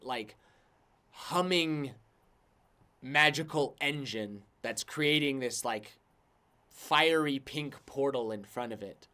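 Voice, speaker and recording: A man's voice: mid-range voice, fairly bright tone. A man narrating as game master of a tabletop game, rambling and filling his talk with "like". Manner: rambling, lots of "like".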